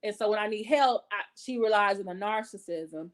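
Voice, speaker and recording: A woman's voice: mid-range voice, a little fast. A woman hosting casual gossip commentary, blunt and profane, chatty with fillers and self-corrections. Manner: blunt and profane, talks with her hands in her words. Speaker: commentary channel host.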